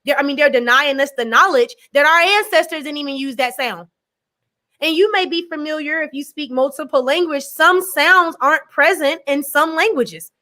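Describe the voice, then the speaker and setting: Bright high-voiced woman. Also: normal speed. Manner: explanatory, earnest, laughs often. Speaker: guest educator. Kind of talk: live-stream discussion.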